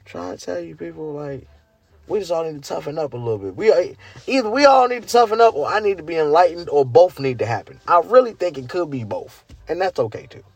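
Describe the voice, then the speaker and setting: A man, ranting casually and incredulously to his viewers, swearing and climbing high in pitch when worked up. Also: expressive, a little fast, creaky, slightly rough, no room sound, soft background music. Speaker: vlogger. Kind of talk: casual rant to camera.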